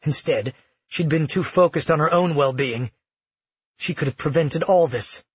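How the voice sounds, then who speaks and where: Husky, slightly higher male narrator, steady audiobook read on a dull, dry recording. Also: a little slow, no echo. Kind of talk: scripted narration.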